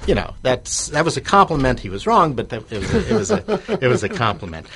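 A man's voice: mid-range voice, very animated, quick pace, a bit bright, a little hiss or hum. A man telling an anecdote in an interview, rambling with restarts and fillers and chuckling at himself. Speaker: guest telling his business story.

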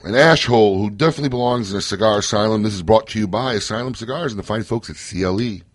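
A man's voice: fairly low pitch, fast talker, no echo. A man hosting a casual radio talk show, joking, laughing often and telling stories with energy. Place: radio studio.

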